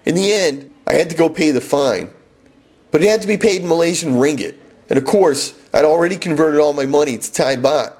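A man telling a comic personal travel story with wry, deadpan self-mockery. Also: a little high, fairly quick, slightly rough.

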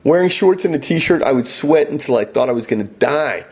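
Husky middle-aged male storyteller, wry and self-mocking. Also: a little high, lively intonation, fairly quick. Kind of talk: first-person storytelling.

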